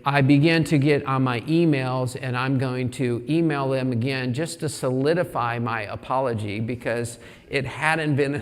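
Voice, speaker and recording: A man giving a church talk, telling a candid, self-deprecating personal story and acting out his own panicked thoughts. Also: medium pitch. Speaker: speaker at a church service. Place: church sanctuary. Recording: long hall reverb in a church.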